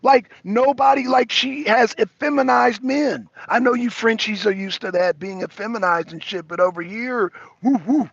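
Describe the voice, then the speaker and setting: A man's voice: extremely high pitch, moderate pace, vocal fry, few pauses, slightly rough, lo-fi sound. An American man, a talk show host, ranting profanely in a heated political monologue, raising his voice and repeating himself. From United States. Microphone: streaming microphone.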